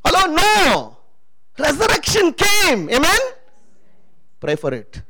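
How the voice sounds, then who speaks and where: A man with a strikingly high, bright voice preaches with emphatic energy, his pitch swinging widely as he keeps calling on the congregation to answer him. A gravelly edge runs under his words. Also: huge pitch swings, slow, poor audio. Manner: emphatic, calls out to the congregation for responses. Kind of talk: sermon testimony.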